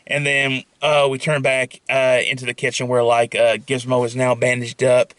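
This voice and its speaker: A young man pitching his own film idea in a casual, rambling monologue full of fillers and restarts. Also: completely flat delivery, moderate pace, a bit bright, clear, resonant tone, no room sound.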